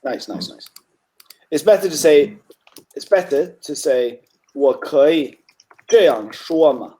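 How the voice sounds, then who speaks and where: A man tutoring a student in Chinese over a call, encouraging and relaxed, with frequent fillers and throat clearing. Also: on the high side, a little slow. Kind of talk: online tutoring session.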